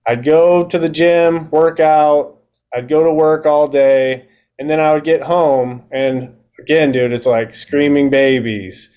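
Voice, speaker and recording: A man's voice: on the high side, fairly even intonation, slow, a little mellow, clear, resonant tone. A man in his thirties, a podcast guest and fitness coach, telling his story in a candid, casual way and acting out his own past thoughts.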